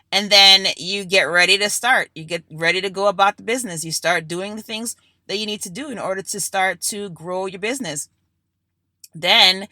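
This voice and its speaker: Woman solo podcast host, motivational and emphatic; bright voice, dry sound. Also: medium pitch, no echo. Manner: energetic, emphatic, repetitive.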